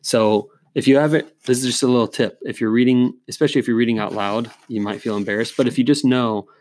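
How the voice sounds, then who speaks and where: A man's voice: medium pitch, fairly even intonation, fast, a little mellow, no room sound, clean studio sound. A man hosting a faith podcast, chatting casually and explaining things in a rambling, friendly way. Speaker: podcast host. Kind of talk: casual chat.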